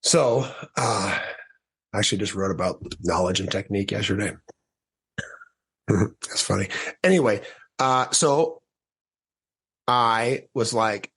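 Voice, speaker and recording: A man with a low-pitched, husky voice recounts a personal story as a podcast guest. He talks animatedly and acts out his own past thoughts, stumbling through restarts and breaking into short laughs. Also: slow, pauses often, a bit bright.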